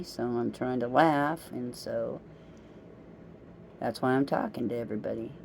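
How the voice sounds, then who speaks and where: A middle-aged woman chats into her camera in a loose, meandering vlog. Her voice is mellow and unhurried in tone, and she tells homey anecdotes with a self-amused, gossipy ease. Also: very deep voice, gravelly, slight background noise. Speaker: vlogger. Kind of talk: casual rambling monologue.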